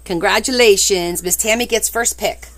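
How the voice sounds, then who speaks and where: A woman's voice: medium pitch, normal speed, a bit bright. A woman hosting a chatty live auction of her scrapbooks, cheerful and laughing often as she calls out the bids.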